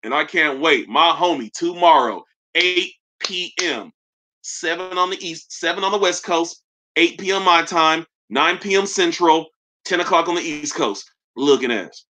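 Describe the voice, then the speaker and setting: A man's voice: fairly high pitch, normal speed, bright, forceful tone. A young man hosting a live sneaker stream, chatting loosely and roasting viewers in slangy, joking talk. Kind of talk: casual live-stream chat reading comments.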